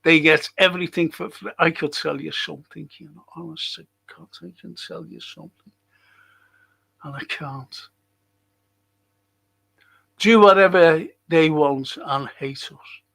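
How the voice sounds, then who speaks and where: Gravelly sweary Liverpool man. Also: fairly high pitch, fairly even intonation, measured pace, long pauses, a bit bright. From England. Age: older. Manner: blunt, sweary, rambling anecdotes. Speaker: podcast host. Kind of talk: live stream chat reading viewer comments.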